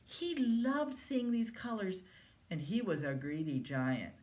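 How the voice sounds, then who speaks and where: A woman children's librarian telling a story at storytime. She reads very slowly and expressively, her pitch rising and falling in a lively, animated way for her young listeners.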